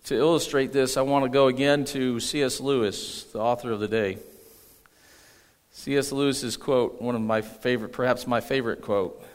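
A man's voice: mid-range voice, fairly even intonation, normal speed. A man preaching a sermon as pastor, emphatic and calling on the congregation to respond. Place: church sanctuary. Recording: echoey hall.

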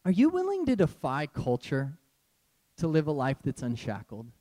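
A man preaching a sermon as a pastor, animated and conversational, often breaking into laughs. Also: a little high, moderate pace.

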